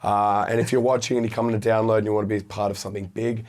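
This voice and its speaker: A man speaking as a band guest, talking straight to viewers in a plain, steady way. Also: lowish voice, rapid-fire. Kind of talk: casual promotional chat.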